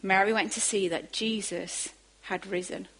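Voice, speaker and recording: A woman preaching a sermon, moving from quiet asides to emphatic, rising bursts. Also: mid-range voice, steady tone, a little slow, rough recording.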